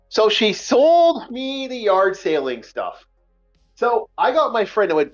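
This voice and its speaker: An animated, profane man tells a casual story in a high voice and acts out each exchange. The recording is dull and lo-fi, with faint music underneath. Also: measured pace. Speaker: podcast host telling a story.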